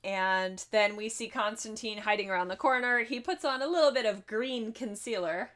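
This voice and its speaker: A woman's voice: mid-range voice, moderate pace, fairly bright tone. A woman co-hosting a podcast, breezily recapping a film plot with frequent laughs and swearing. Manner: breezy, profane, laughs often. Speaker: podcast co-host. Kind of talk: casual movie recap chat.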